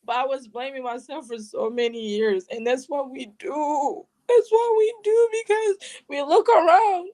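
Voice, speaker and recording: A woman from Burundi telling her personal story in an interview, emotional and animated, with casual slang. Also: sits high, normal speed, hardly any pauses. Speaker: guest sharing personal story.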